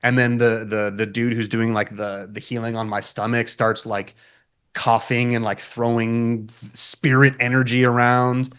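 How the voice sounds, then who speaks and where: A man, a podcast guest and metal guitarist, telling a long personal story in a casual, animated way, swearing a lot and filling his talk with "like". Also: mid-range voice, unhurried, clean tone. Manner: swears often, frequent "like" fillers.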